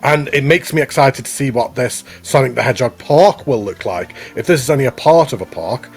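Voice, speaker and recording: A man with a slightly husky voice co-hosts a casual showcase, upbeat and chatty. He reads out entries and praises each one freely, over faint background music. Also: mid-range voice, animated, brisk. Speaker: co-host. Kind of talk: casual chat commentary on contest entries.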